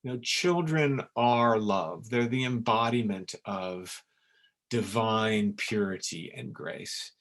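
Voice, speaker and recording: A man teaching in a webinar, in an earnest and emphatic way, with sudden lively jumps in pitch. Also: slow pace. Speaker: essence maker teaching a webinar. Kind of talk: webinar talk. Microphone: webinar recording.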